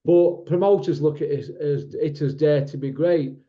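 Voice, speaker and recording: A man's voice: fairly high pitch, fairly even intonation, moderate pace, highs cut off. A man hosting a casual online boxing chat show, talking in a blunt, outspoken, rambling way. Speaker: boxing channel host.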